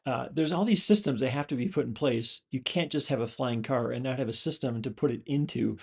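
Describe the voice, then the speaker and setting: A man's voice: medium pitch, brisk, creaky, slight background noise. A man, a host and former pilot, explaining a screen display in a loose, rambling way with many fillers and restarts. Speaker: channel host, former pilot and flight instructor.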